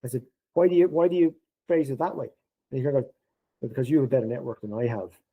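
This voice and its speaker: A middle-aged man appears as a podcast guest, swapping workplace stories in casual conversation. His medium-pitched voice moves at a quick pace and sounds slightly rough, and the audio is lo-fi. He's animated, lifting his voice to act out the quoted dialogue.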